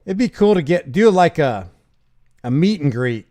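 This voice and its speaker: A man's voice: fairly high pitch, very animated, moderate pace, warm tone. A man hosting a casual stream, reading verses aloud and rebutting them with sarcastic, mocking asides. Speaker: channel host, commentator. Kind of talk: casual live-stream commentary.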